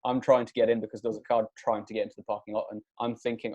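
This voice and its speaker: A man's voice: on the low side, little pitch movement, rapid-fire, hardly any pauses, mellow, muffled recording. A young man, co-hosting a casual podcast, telling a story and chuckling along the way. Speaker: podcast co-host. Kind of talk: casual chat.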